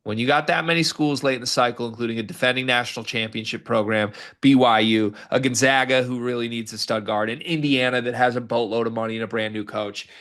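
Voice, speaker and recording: A man co-hosting a casual sports talk show, animated and lifting his pitch for emphasis. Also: quick pace, few pauses. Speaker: sports podcast co-host.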